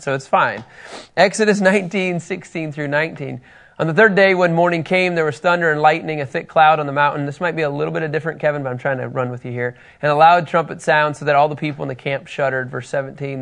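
A man teaching a Bible lesson to a group, reading scripture passages aloud and asking his listeners questions in an animated way. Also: a little high, vocal fry.

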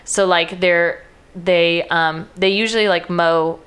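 A young woman in casual chat, retelling a film's plot in a loose, chatty way full of "like" and quick quoted voices. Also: fairly low pitch, fairly even intonation, fairly bright tone, clear, resonant tone. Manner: chatty, heavy use of "like", breaks into quoted voices.

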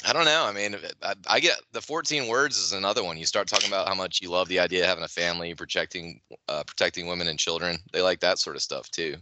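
A man's voice: deep voice, fast talker, hardly any pauses, sharp tone. A man co-hosting a podcast, telling things in a loose, offhand casual chat. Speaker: podcast co-host.

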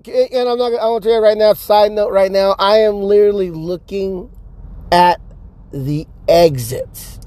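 A man's voice: high-pitched, a little mellow. A man rambling through a story from his car, cursing a lot and stumbling over his restarts. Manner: profane, stammering restarts. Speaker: vlogger telling stories. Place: car stuck in traffic. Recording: road noise from traffic.

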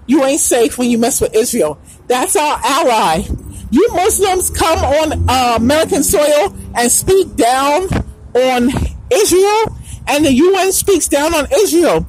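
A woman with a high, bright voice holds forth in a preachy podcast monologue. Her pitch swoops widely as she drives her points home, repeating phrases and drifting into snatches of song. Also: sing-song, unhurried, a little hiss or hum, rough recording. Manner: emphatic, repeats lines, breaks into sung phrases. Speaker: podcast host.

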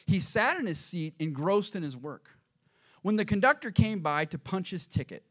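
A man preaching a sermon as pastor, addressing the congregation directly and swinging from hushed asides to loud, emphatic peaks. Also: high voice, big pitch swings, normal speed. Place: church auditorium.

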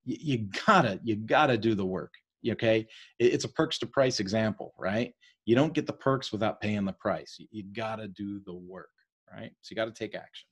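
East Coast-raised male study leader, husky voice, rapid and conversational. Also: fairly low pitch. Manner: fast-talking, keeps checking in with "right?". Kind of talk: casual teaching on a leadership book.

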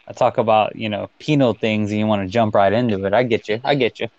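A man's voice: fairly low pitch, fairly even intonation, fast, darkish tone, no echo, lo-fi sound. A man co-hosting a podcast in casual chat, joking around with crude banter. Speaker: podcast co-host.

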